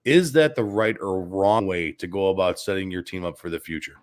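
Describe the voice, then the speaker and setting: A man with a South Side Chicago accent hosting a sports talk show, loud, excitable and cursing freely. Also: low voice, brisk.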